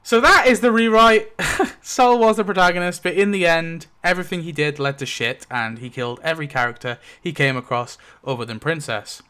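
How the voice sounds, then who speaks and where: A man's voice: a little high, brisk, few pauses, pushed and bright, smooth. A man hosting his video, casually narrating a story rewrite decided by dice rolls, rambling with lots of fillers and little chuckles. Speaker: YouTube host.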